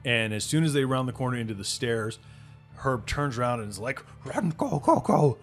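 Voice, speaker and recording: A man's voice: mid-range voice, a little fast, a bit bright, faint music behind. A man running a tabletop game as game master, narrating in a loose, rambling way.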